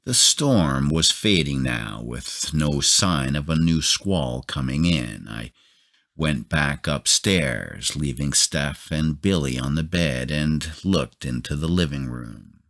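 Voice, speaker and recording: Very deep-voiced man reading slowly. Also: vocal fry. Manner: calm, measured. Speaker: narrator. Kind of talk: bedtime audiobook narration.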